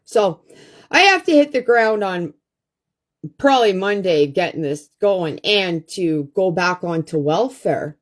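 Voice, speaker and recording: A woman's voice: fairly low pitch, animated, a little slow. A woman on a phone livestream, ranting bluntly to her viewers and swearing constantly. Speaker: livestream host. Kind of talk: profane ranting livestream monologue.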